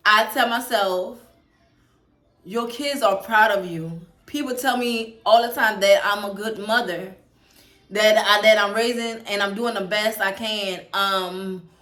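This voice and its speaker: A woman's voice: medium pitch, fairly bright tone, reverberant. A woman vlogging as a single mother, talking straight to her viewers, near tears, often repeating and restarting her words. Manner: halting, repeats words, talks to viewers directly. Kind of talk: emotional personal vlog. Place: home room.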